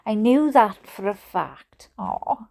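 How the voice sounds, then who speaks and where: A woman's voice: mid-range voice, big pitch swings, slow, creaky, a little mellow. A Welsh woman reading a book aloud, given to fits of giggles. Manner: giggly, breaks into laughter. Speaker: storyteller.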